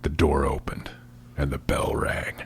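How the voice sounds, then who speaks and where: A man's voice: a bass voice, level tone, unhurried, slightly rough. A man co-hosting a comedy podcast, reading a book aloud and chatting wryly. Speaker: podcast co-host. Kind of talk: casual chat and dramatic reading.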